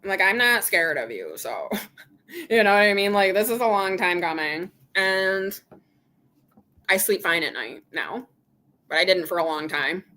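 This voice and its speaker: A middle-aged woman hosts a casual live chat with her viewers. Her voice is bright and forward, sitting at an ordinary pitch for a woman. She talks candidly, retelling an argument with plenty of quoted back-and-forth. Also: expressive, measured pace. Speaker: channel host.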